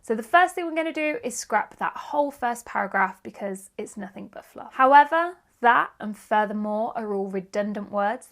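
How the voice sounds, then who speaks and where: A woman teaching an online writing lesson, upbeat and emphatic. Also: a little high. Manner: upbeat, emphatic teacher reading examples aloud. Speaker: writing instructor.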